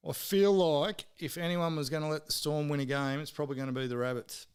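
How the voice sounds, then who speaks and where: An Australian man hosting a live stream, with a smooth, clean voice that sits a bit high for a man. He talks in a loose, casual way as he tips games. He swears freely and ribs his friends in the chat. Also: fairly even intonation, fairly quick. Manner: swears freely, teases viewers and mates in the chat.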